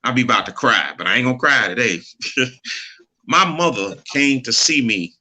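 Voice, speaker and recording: A man's voice: medium pitch, animated, moderate pace, bright, forceful tone, husky. A middle-aged man telling a personal story in casual chat, earnest and preachy, laughing easily. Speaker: podcast co-host.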